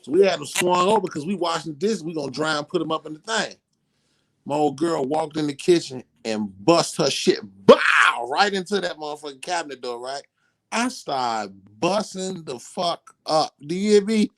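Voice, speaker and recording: Give me a man with a gravelly voice, telling a story in a lively, swooping way. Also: a little high, moderate pace. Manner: animated, profane, laughing storyteller. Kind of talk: casual storytelling.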